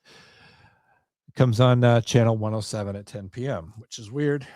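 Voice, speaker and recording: A man's voice: medium pitch, a little slow, dark tone, dry recording, studio quality. A man hosting a solo podcast, rambling in a wry, self-deprecating way. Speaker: podcast host.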